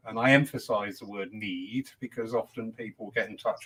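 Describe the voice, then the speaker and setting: A chatty man hosting a relaxed discussion. He talks at a middling pitch and slips into little quoted voices as he goes. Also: brisk, rough recording. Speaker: host. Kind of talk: casual panel discussion.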